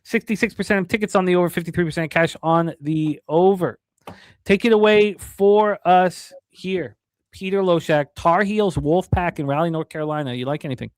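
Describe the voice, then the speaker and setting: Quick man reading betting lines. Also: high-pitched, no room sound. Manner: reads odds and numbers quickly, many fillers. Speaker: sports betting show co-host. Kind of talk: casual sports betting talk.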